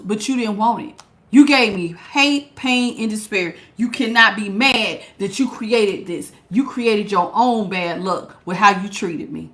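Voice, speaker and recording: A woman's voice: a little high, fairly bright tone. A woman giving a casual tarot reading, talking in a sassy, emphatic way with lots of slang. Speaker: tarot reader.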